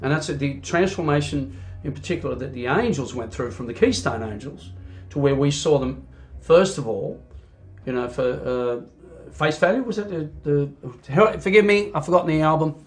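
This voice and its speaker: A middle-aged Australian man, a rock singer, chatting in an interview as an animated storyteller who fills his talk with "you know". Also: fairly high pitch, normal speed, soft background music. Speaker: singer and band frontman. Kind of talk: casual interview chat.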